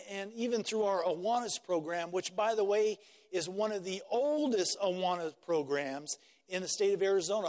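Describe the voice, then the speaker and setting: A man's voice: high voice, big-room sound. A male pastor delivering a conversational sermon, repeating phrases and often checking in with "right?".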